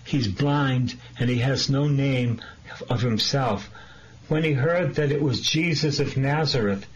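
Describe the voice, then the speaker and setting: A man preaching a sermon as a priest, slow and earnest, pressing his listeners with direct questions. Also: mid-range voice, fairly even intonation, slight background noise, rough recording.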